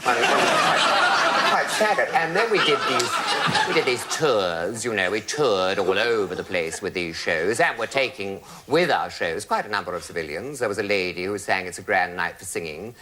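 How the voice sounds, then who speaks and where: Arch, animated male raconteur. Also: lowish voice, normal speed, slight background noise. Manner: theatrical, arch, animated storytelling. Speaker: comic raconteur. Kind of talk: anecdote told to a studio audience.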